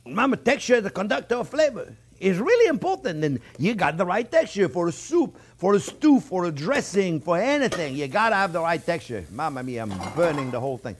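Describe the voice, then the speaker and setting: A middle-aged man, hosting a cooking demonstration in a chatty, animated way and checking in with "okay?" as he goes. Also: high-pitched, brisk, few pauses, a little hiss or hum. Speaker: chef and cooking show host.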